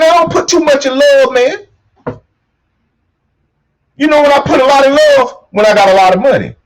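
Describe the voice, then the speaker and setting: A man hosting his own show, delivering a loose motivational monologue, swearing a lot and repeating catchphrases, punching key lines loudly. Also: very high voice, rough recording. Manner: preachy, swearing, repeats "you know what I'm saying", punches lines loudly. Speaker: show host.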